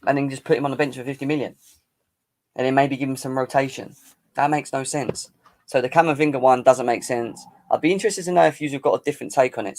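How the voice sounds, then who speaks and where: Man, live-stream host, boisterous banter, teasing, average pitch. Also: darkish tone. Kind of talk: casual live-stream football chat.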